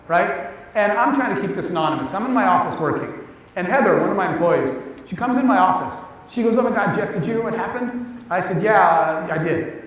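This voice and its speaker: A man giving a storytelling talk to an audience, lively and acting out the dialogue of the people in his story. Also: high-pitched. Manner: animated, acts out quoted dialogue. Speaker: guest speaker. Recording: echoey hall, distant mic.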